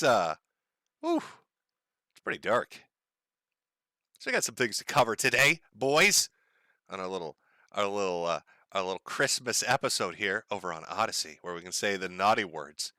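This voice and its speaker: A man from the United States hosts a casual livestream, speaking at a medium pitch with a sharp tone and no echo. He's profane and sardonic, chuckling often.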